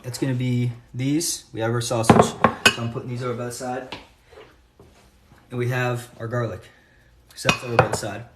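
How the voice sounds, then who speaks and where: Cooking at home for his vlog, a man talks casually to the camera and thinks aloud as he goes. His mid-range voice keeps a level tone at a moderate pace, with frequent pauses, and the kitchen recording sounds roomy, distant, and noisy.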